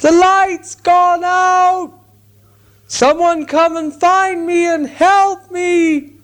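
A man voicing a small, timid male hobbit who is fretful and easily frightened, calling out in a high, panicky voice. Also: fairly even intonation, very slow, a bit bright, exaggerated voice. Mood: panicked.

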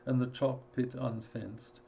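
A man narrating a classic story in a steady, measured storytelling voice. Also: mid-range voice, creaky, muffled recording, a little hiss or hum. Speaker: audiobook narrator. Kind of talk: scripted narration.

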